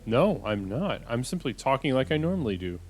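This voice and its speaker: A male host doing improvised comedy banter, deadpan and patient, often restarting his sentences. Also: mid-range voice, a little fast, husky, faint music behind.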